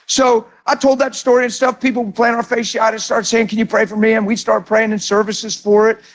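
A man preaching as a pastor, teaching about prayer with earnest, animated storytelling. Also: high-pitched, fairly quick.

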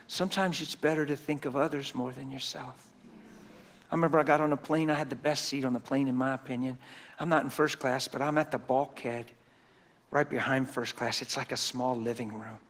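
A man preaching a sermon through folksy, animated personal stories. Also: medium pitch, brisk, slight background noise. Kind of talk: storytelling sermon.

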